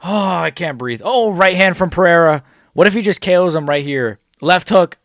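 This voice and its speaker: A man's voice: high voice, animated, normal speed, no echo, clean studio sound. A young man streaming a live fight reaction, talking casually to his viewers in a muttered, profane running commentary. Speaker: MMA streamer.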